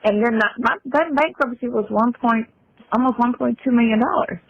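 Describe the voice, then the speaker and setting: A woman with a gravelly, husky voice, rambling through a casual story full of fillers, heard in a played clip. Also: on the high side, normal speed, noisy background. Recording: dull, muffled clip.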